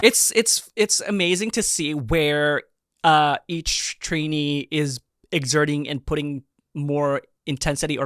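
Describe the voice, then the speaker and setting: A lively man in his thirties talks through a dance performance in a casual, animated way and keeps breaking into excited exclamations. His voice sits a little on the high side. The sound is close and dry, with no room around it. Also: clean tone, no echo. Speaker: reaction video host, performer. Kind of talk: casual reaction commentary.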